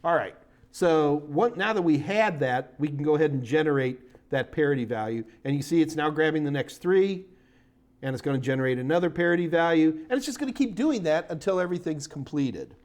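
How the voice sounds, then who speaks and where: A man's voice: a little high, expressive, a little fast, darkish tone. Joking middle-aged man teaching tech. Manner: casual, joking, talking through slides. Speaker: IT certification instructor. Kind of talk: live-streamed technical lecture.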